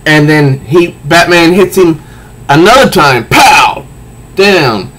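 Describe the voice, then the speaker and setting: A man's voice: fairly high pitch, expressive, slow pace, fairly bright tone. A man giving a casual comic book review, recounting panels aloud with sound effects and frequent restarts.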